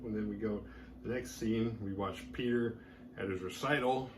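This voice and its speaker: Male podcast host, mid-pitched, casual and slangy, jumps into characters' lines, faint background hiss. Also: steady tone, brisk. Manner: chatty, slangy, acts out characters' lines in quotes. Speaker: podcast host reviewing horror films. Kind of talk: casual film recap.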